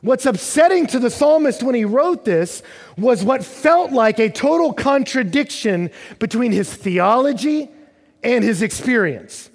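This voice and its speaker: Husky high-voiced preacher in a reverberant hall. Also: male voice, lively intonation, a little slow. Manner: emphatic, repetitive preaching, acting out the psalmist's prayers. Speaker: pastor. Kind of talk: sermon.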